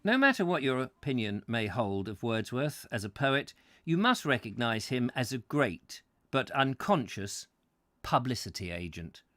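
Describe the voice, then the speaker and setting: A man hosting a live book reading, going through the text in measured tones and adding wry asides of his own. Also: mid-range voice, sing-song, fairly bright tone, no room sound. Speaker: host reading a book aloud.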